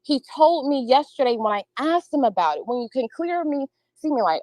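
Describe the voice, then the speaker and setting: A woman's voice: sits high, very animated, fairly quick, hardly any pauses, a little mellow, dry recording, low-quality recording. A woman arguing heatedly on an online debate panel, combative and profane, insisting on her side. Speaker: panel guest.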